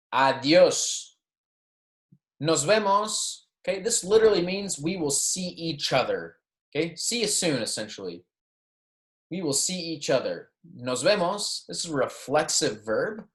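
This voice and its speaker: A man's voice: on the high side, echoey room. A man teaching a beginner Spanish lesson, repeating phrases for students and checking in with "okay?" and "right?", with light joking asides. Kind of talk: recorded classroom lecture.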